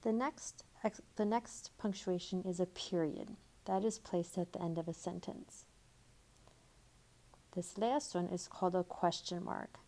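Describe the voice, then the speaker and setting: A woman teaching a recorded grammar lesson, reading example sentences slowly and deliberately. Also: on the low side, fairly even intonation, mellow. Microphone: tablet microphone.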